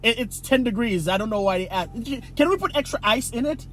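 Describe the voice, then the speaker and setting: A man from Haiti performing a comedic monologue in an exasperated, stammering, animated way. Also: high-pitched, fairly quick, a little hiss or hum. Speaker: comedy creator.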